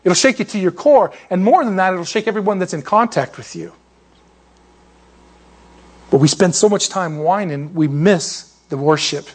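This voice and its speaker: A man with a notably high voice delivering a sermon. He preaches in a lively, storytelling way and drops joking asides. His tone swings between playful and earnest. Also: moderate pace. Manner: animated, jokey storytelling with laughs. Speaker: pastor.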